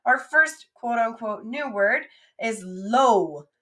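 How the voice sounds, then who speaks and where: A young woman with a fairly high voice teaches a French vocabulary class. She stretches each new word out slowly for her students, then hurries through her English asides. She keeps urging the class to repeat after her. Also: expressive, pushed and bright.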